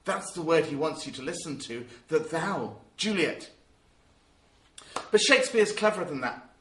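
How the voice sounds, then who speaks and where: A man teaching about verse in a lively, emphatic way. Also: fairly high pitch, normal speed, reverberant, slight background noise. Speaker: drama teacher. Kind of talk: spoken lesson.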